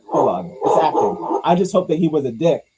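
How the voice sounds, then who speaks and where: A man with a slightly husky voice hosts a loose, casual chat about movie news. He rambles, tosses out crude jokes and mutters low asides. His pitch swings widely from line to line. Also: sing-song, a little fast, dark tone, poor audio. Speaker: host reacting to movie news.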